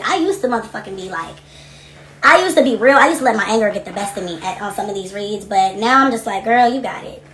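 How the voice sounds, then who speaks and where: A young adult woman hosting a casual livestream from her home office, reading comments and talking in a blunt, profane, animated way. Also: mid-range voice, echoey room, a little hiss or hum. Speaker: livestream host.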